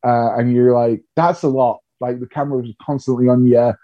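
This comedian guest speaks at a medium pitch and a slightly quick pace, recorded dry with dull sound. Being interviewed for a podcast, he spins candid, lively anecdotes and pokes fun at himself throughout.

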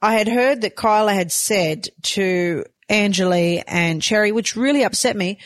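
A woman's voice: mid-range voice, no echo, studio quality. A woman with an Australian accent, a reality show cast member talking candidly and emphatically in a confessional, with casual swearing.

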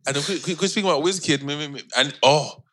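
A man's voice: on the high side, fast, pushed and bright. A man in casual podcast chat, ribbing his friends with mock-formal asides. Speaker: podcast co-host.

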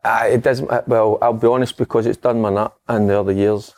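A man's voice: lowish voice, steady tone, a little fast, a little mellow. A Scottish man in casual podcast chat, opinionated and heated about football.

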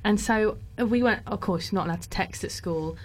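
A woman's voice: medium pitch, moderate pace, a little hiss or hum. A young woman telling a story in casual chat, often laughing, with lots of fillers.

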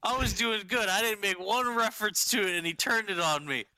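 Bright-voiced young man joking around. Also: high voice, a little fast, dry recording, low-quality recording. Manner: joking, swears a lot. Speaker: podcast co-host. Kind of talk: casual chat.

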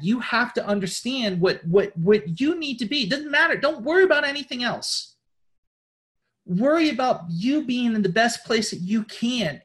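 A man's voice: sits high, a bit bright. A man hosting a spiritual pep talk, preaching bluntly, swearing often and repeating his words as he pushes on. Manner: repeats words and restarts sentences. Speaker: host.

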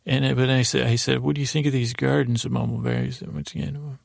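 A man improvising a rambling bedtime story as a sleep podcast host, halting with many restarts and fillers. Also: mid-range voice, steady tone, gravelly, dry recording, clean studio sound.

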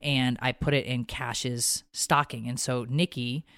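A woman's voice: extremely low pitch, measured pace, creaky, no echo. Emotional, swearing woman telling a story. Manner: emotional, swearing, animated retelling. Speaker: podcast co-host. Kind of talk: casual storytelling.

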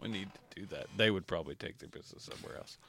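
A man's voice: deep voice, racing, bright, forceful tone. A young man chatting casually, telling funny stories and acting out the voices of people in them. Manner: storytelling, laughing, acts out quoted voices. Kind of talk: casual chat.

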